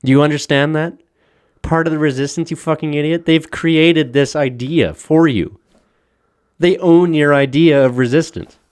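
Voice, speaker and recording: A man's voice: fairly high pitch, fairly even intonation, normal speed, a little mellow, clean tone, dry recording, clean studio sound. A man co-hosting a casual podcast, ranting with lots of profanity and frequent laughter. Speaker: podcast co-host.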